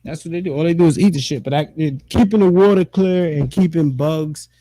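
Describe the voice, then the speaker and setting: A man's voice: on the high side, fairly quick, mellow. A man hosting a casual chat, telling stories animatedly with lots of profane slang and frequent laughter. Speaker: podcast host.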